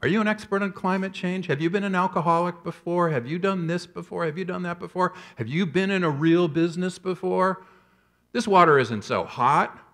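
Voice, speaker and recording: A man's voice: sits high, fairly quick, fairly bright tone, voice pushed up. A stubborn male frog, as a male speaker puts him on, snaps back indignantly at anyone who warns him. He talks in a slightly raised voice and waves off every concern. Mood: defensive. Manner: indignant, dismissive back-talk. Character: stubborn, defensive male frog in warming water.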